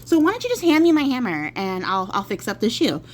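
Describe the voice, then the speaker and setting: A woman's voice: a little high, very animated, a little fast, a little hiss or hum. A woman voicing Stingy Jack, a crafty old man who talks in a falsely sweet, sly way.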